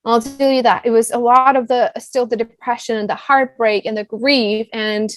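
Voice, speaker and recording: A woman in her thirties with a foreign accent, a business coach telling her own story as a podcast guest, animated and full of "like" and "right?". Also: a little high, moderate pace, no echo. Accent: non-US foreign accent. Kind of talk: personal storytelling in a podcast interview.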